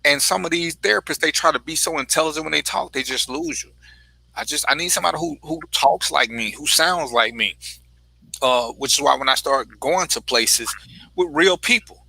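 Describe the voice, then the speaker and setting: Blunt, bright-voiced man talking frankly. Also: fairly high pitch, moderate pace, vocal fry, no room sound, rough recording. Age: adult father. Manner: blunt, profane, emphatic. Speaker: panel guest. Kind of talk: casual panel talk.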